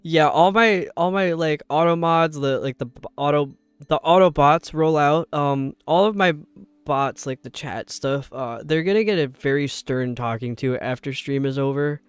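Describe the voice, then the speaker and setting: A young man with a New York accent chatting casually with viewers while streaming, rambling and sounding out words slowly. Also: on the high side, clear, resonant tone, no echo. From upstate New York. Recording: dry close mic with faint game music.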